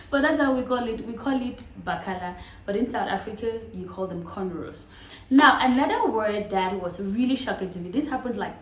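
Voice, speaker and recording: A Cameroonian woman with a Cameroonian accent, talking to her viewers in a chatty, animated vlog. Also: mid-range voice, roomy sound, poor audio. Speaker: vlogger. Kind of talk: casual vlog talk to camera.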